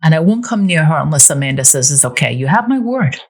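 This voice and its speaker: A woman's voice: deep voice, expressive, fast talker. A woman voicing an easygoing, star-struck man who jokes and laughs nervously, in a story read aloud. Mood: cheerful, awed.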